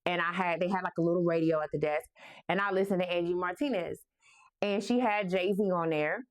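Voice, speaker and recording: Animated New York woman telling stories. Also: lowish voice, brisk. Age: 40s. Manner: animated, playful, laughs often. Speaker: host. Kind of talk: casual storytelling about music.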